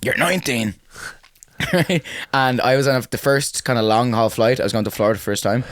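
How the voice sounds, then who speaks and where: A young Irish man in his twenties co-hosts a podcast, telling a story animatedly with lots of laughter and swearing in a casual chat. His medium-pitched voice is fairly quick, and the recording has no echo.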